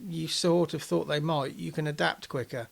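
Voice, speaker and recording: Brief: man, podcast co-host, a touch high-pitched, muses aloud with pauses and ums. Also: fairly even intonation, creaky. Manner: reflective, hesitant, many fillers. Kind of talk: casual podcast chat.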